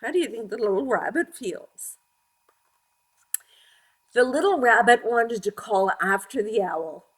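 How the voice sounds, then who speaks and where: Slow husky lady reading a kids picture book, lively ups and downs, asks the kids stuff. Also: on the high side. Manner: gentle, asking the children questions. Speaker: storyteller for young children.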